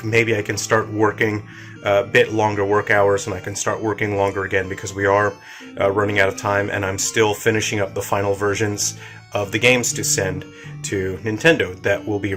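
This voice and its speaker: Tired solo developer man, low voice. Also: fairly bright tone. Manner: rambling, many fillers and restarts. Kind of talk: casual video update.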